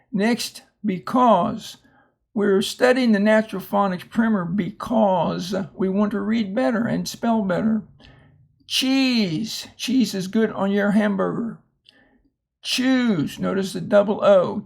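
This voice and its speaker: A man teaching a phonics lesson, saying each example word slowly and deliberately before using it in a sentence. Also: high voice, creaky. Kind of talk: reading lesson.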